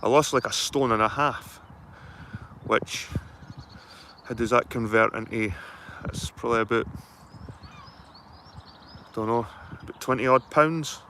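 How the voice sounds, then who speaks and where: A man's voice: medium pitch, measured pace, long pauses, pushed and bright, a little hiss or hum. A middle-aged man, chatting casually and rambling to live viewers while walking round his allotment outdoors, speaking into a handheld phone. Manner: rambling, sweary, matter-of-fact. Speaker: livestreaming vlogger.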